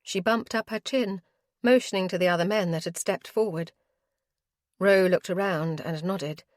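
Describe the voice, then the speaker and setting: A woman narrating a historical romance audiobook in a steady, expressive reading. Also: lowish voice, moderate pace, dry recording, studio quality.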